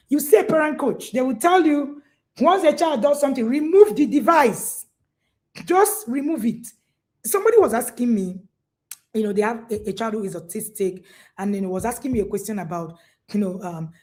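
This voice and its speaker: Woman coach, animated and emphatic live talk, warm mellow tone. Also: medium pitch. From Nigeria. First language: Igbo. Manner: animated, emphatic, repeats herself. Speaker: parenting coach.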